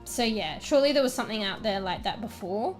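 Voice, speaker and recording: A young Australian woman chats on a livestream from a small room at home, rambling loosely through filler words. Her voice sits at an ordinary pitch and sounds slightly worn, as though she is losing it. Faint music plays in the background. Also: lively intonation, fast talker. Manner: rambling, filler-heavy, chatty. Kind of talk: casual chat with stream viewers.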